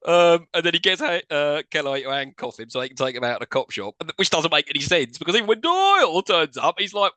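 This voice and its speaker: A man's voice: a little high, sing-song, quick pace, hardly any pauses, bright, forceful tone, no room sound. A man co-hosting a podcast, casually recapping a film with laughs and swearing. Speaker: podcast co-host.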